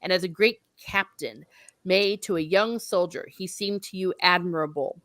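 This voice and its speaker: Woman reading an earnest noble young captain in love, measured and solemn, lowish voice, dry sound. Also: a bit bright, no room sound, natural voice. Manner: read aloud from a book, measured and solemn.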